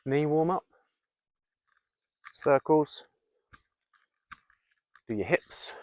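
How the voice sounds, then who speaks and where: A man's voice: on the high side, animated, very slow, darkish tone, dry recording. A man leading an outdoor workout in the woods, coaching viewers through exercises and counting reps aloud. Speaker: fitness vlogger.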